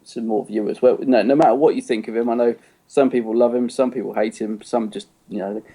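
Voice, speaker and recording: Chatty man with a mellow voice. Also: mid-range voice, steady tone, a little fast, slightly rough. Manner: chatty, rambling, laughs often. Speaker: podcast co-host. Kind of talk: casual chat.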